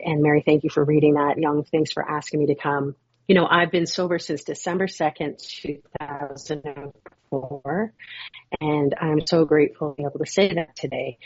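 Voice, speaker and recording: Guest speaker: middle-aged woman, deep and breathy, rambling and grateful, muffled call audio. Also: no room sound. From Canada. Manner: rambling, warm and grateful, with many restarts and fillers. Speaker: guest speaker at a recovery meeting. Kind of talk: personal share at a support meeting.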